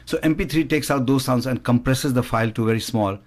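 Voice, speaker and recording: Fast-talking man in his sixties, rambling. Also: mid-range voice. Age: 60s. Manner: expansive, digressive storyteller who demonstrates with his voice. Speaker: guest musician. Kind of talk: conversational radio chat.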